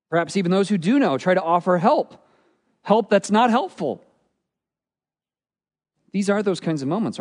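Animated man preaching in reverberant hall. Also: sits high. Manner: earnest, expressive preaching with dramatic drops in volume. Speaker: pastor. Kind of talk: sermon.

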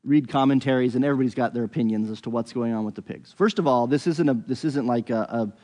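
A man walks through a scripture passage in an unhurried, conversational teaching voice at a middling pitch. He thinks out loud, often restarting and hedging his sentences. His voice rings with a long hall reverb. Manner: thinks aloud, with frequent restarts and hedges. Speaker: Bible teacher.

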